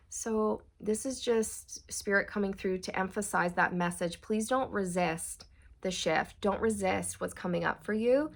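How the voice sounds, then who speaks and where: Gravelly-voiced woman doing a tarot reading. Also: mid-range voice, a little slow. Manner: meandering, reassuring, addresses viewers as you guys. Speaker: tarot reader.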